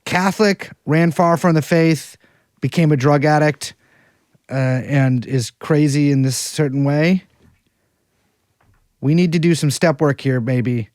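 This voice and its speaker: A man's voice: fairly high pitch, measured pace, long pauses, darkish tone, no room sound, studio quality. A man co-hosting a casual podcast, rambling and sardonic, wandering through digressions. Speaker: podcast co-host.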